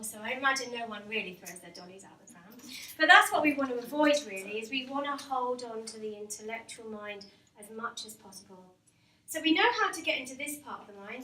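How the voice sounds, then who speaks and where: A woman with a high voice gives a live workshop talk to staff. She speaks in a chatty way, laughing often and asking the room questions. The recording sounds roomy and distant, with faint background noise. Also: sharp tone. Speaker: hypnotherapist giving a staff talk. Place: company meeting room with a live audience.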